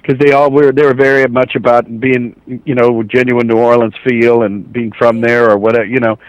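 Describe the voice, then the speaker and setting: Middle-aged male guest, lively storyteller who acts out quoted lines; dry, muffled recording. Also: mid-range voice, brisk, clean tone, no room sound. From Ohio, USA. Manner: animated anecdotes, acts out quoted voices. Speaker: voice actor, guest. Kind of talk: casual storytelling interview.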